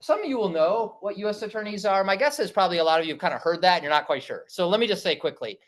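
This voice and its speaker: A middle-aged man from Michigan delivers a campaign stump speech to a local party meeting. His voice sits a little higher than most men's. He keeps things conversational, tossing in "right?" and stumbling into quick restarts. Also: low-quality recording. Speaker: political candidate speaking at a party meeting.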